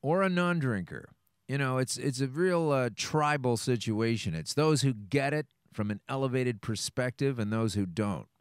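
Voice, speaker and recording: A man's voice: mid-range voice, normal speed, smooth, dry recording, clean studio sound. A man hosting a podcast, blunt and opinionated, swearing casually as he introduces a guest. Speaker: show host.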